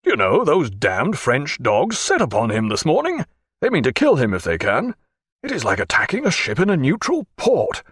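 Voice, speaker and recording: A man's voice: medium pitch, wildly swooping pitch, moderate pace, fairly bright tone, breathy edge, dry recording, studio quality, pitched above the performer's own voice, full character voice. A man reading the part of a formidable naval captain who speaks in blunt, commanding orders and curses freely. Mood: angry.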